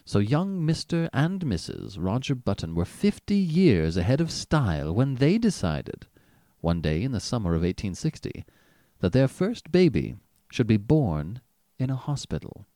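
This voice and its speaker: Animated male audiobook narrator. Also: mid-range voice, a little slow, no room sound, studio quality. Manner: expressive, animated reading. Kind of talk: scripted narration.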